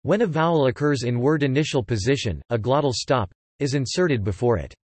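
A synthetic male voice at an ordinary middle pitch reads an encyclopedia article in an even, machine-flat way. The sound is completely dry, with no room around it. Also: brisk, dry recording. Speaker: text-to-speech reader. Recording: dry, close synthetic audio.

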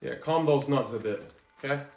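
A man's voice: mid-range voice, moderate pace, darkish tone. A man hosting a comic educational podcast, explaining in a joking, swearing, rambling way. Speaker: podcast host, pharmacy doctor. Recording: roomy echo.

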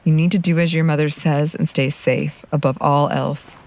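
A woman reading a story, voicing a kindly older woman who speaks softly and gently. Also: sits low, steady tone, normal speed. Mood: gentle. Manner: soft, gentle delivery.

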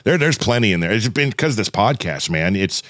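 A man's voice: lowish voice, a little fast, no echo, clean studio sound. A man hosting a podcast, telling stories in a chatty, joking way. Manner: animated storyteller, chatty and joking. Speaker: podcast host. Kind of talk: casual chat.

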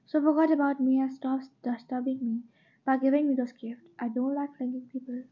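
A woman's voice: sits high, steady tone, fairly quick, slightly rough, phone-quality sound. Woman voicing a curt cold young man. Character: cold dismissive young man, college student.

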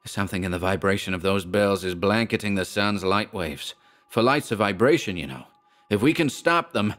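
Male narrator doing a frightened scholar, deep low voice, urgent explaining, audiobook horror tale. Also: lively intonation, moderate pace, a bit bright, faint music behind.

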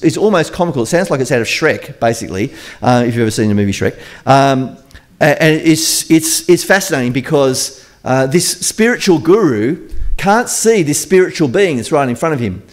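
A man preaching a conversational sermon, retelling a story in a chatty, joking way. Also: fairly high pitch.

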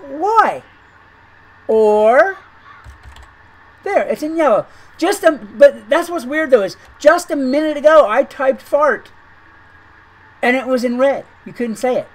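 Woman, high voice, casual gameplay commentary, rambling, incredulous, repeats herself. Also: low-quality recording. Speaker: gaming video creator. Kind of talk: chatty commentary over gameplay.

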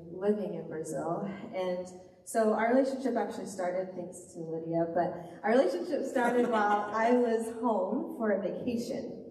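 A young woman pastor preaches with earnest, heartfelt repetition, her voice mellow and warm. She is picked up from across a large, echoey church hall with a long reverb tail and a faint room hum underneath. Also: mid-range voice, far from the mic. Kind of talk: sermon. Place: church sanctuary.

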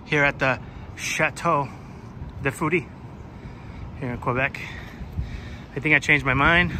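A man's voice: fairly high pitch, noisy background. Joking man vlogging outdoors. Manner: joking, playful banter. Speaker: travel vlog host. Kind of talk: casual chat to camera. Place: outdoors in a city at night.

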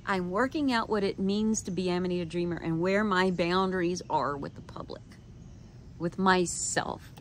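A woman talking straight to camera, telling a personal story in an animated way and acting out her own quoted thoughts. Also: fairly low pitch, normal speed, a little hiss or hum. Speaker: video creator.

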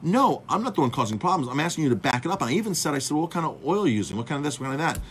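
A chef telling a story to his viewers in a casual, animated way, acting out the dialogue and calling his audience "folks". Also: a little high, racing, a little hiss or hum. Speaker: chef and speaker.

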